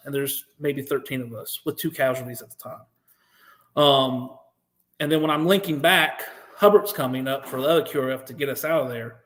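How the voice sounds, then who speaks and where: American male guest, slightly high voice, animated, swears freely, acts out what others said. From United States. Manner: profane, animated, acts out quotes. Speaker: podcast guest, veteran. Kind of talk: interview storytelling.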